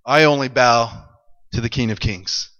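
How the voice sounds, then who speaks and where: A man voicing a faithful young man who quietly refuses to bow, speaking low and firm. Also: measured pace, long reverb tail, lo-fi sound, close to an everyday voice. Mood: resolute. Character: defiant, faithful young men, quietly resolute.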